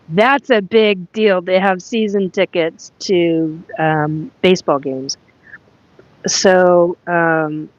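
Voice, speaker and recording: A woman with a lowish voice talks slowly and haltingly as she hosts a live chat and recounts a reading from her notes. The sound is dull, lo-fi and dry, with no room echo. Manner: halting, reads aloud from her notes with many fillers. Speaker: psychic medium host.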